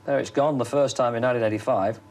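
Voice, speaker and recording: A man interviewing on an archive TV broadcast, brisk and probing. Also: medium pitch, fairly even intonation, a little mellow. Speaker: TV sports interviewer.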